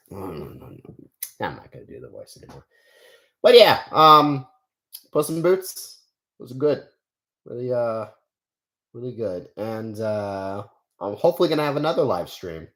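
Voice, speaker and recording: A young man chatting on a live stream, his pitch swinging up and down as he talks. He rambles with lots of fillers and restarts, answering viewers in a loose, easygoing way. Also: very animated, measured pace, long pauses, fairly bright tone. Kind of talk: casual live stream chat.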